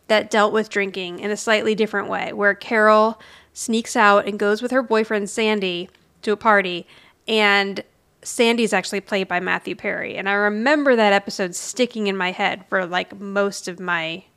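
A woman in her forties, a podcast co-host who chats casually, with quick restarts and little asides. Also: medium pitch, steady tone, a bit bright, clean tone. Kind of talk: casual chat recapping a sitcom episode.

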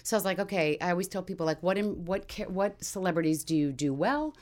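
A woman's voice: lowish voice, expressive, quick pace. A woman guest who is a voice actor, chatting casually in a bubbly, rambling way, slightly tipsy. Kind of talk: casual interview chat.

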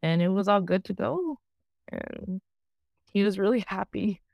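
A woman's voice: medium pitch, lively intonation, measured pace, gravelly, no room sound, muffled recording. A woman talking candidly in an interview, rambling and filling her talk with "you know" and "like". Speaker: program client sharing her story.

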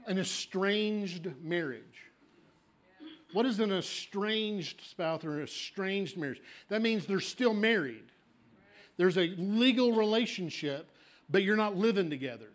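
A male pastor preaching a sermon, emphatic, swinging between loud declarations and hushed asides. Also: sits high, animated, measured pace. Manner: acts out congregants' objections in a small voice.

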